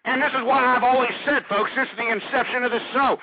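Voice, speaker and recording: A man's voice: very high-pitched, steady tone, fairly quick, gravelly, breathy edge, no room sound. A man hosting a call-in radio show, ranting combatively at callers and repeating himself. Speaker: radio talk show host. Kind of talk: angry call-in radio commentary. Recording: dry phone-like radio audio.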